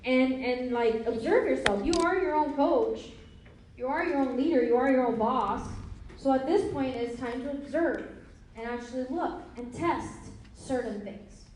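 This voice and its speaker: Young woman trainer, high playful voice, laughs a lot, seminar room, distant mic with heavy echo. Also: normal speed, a little mellow. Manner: playful, laughs often, acts out conversations. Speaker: business trainer. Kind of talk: motivational seminar talk to a live audience. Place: meeting room with an audience. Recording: very echoey room, mic far off, faint hiss.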